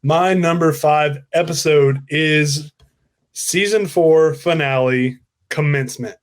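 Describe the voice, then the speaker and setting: A man's voice: a little high, slow. A young man from the United States co-hosting a casual chat, telling stories in a loose, rambling way. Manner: relaxed, rambling storyteller. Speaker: co-host.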